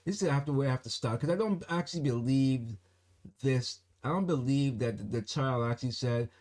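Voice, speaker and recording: A man hosting his own channel, reading a news article aloud and stopping often to add skeptical comments of his own, in a halting, deliberate way. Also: mid-range voice, darkish tone. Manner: reads aloud with skeptical asides. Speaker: channel host.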